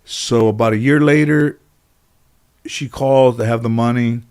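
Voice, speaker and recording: Middle-aged guy rambling through stories on an interview, lots of you know, average pitch. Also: fairly even intonation, measured pace, a little mellow, clear, resonant tone. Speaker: interview guest. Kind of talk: casual storytelling.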